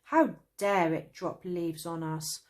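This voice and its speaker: A woman's voice: lowish voice, takes it slowly, a little mellow. A woman voicing a cross, tired young traveller boy who complains indignantly. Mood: annoyed.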